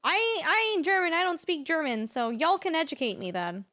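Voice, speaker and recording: A woman's voice: very high voice, expressive, normal speed, pushed and bright, dry recording, studio quality. A woman streaming a farming game, chatting casually and playfully teasing her viewers. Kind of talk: casual live-stream chat while gaming.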